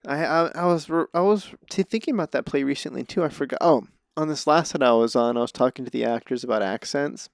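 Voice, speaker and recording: Guy with a gravelly voice, podcast guest, pokes fun at himself, dry close mic. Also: medium pitch, quick pace, hardly any pauses, no room sound. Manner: self-deprecating storytelling, laughs at himself. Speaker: podcast guest, actor and comedian. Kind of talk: casual conversation.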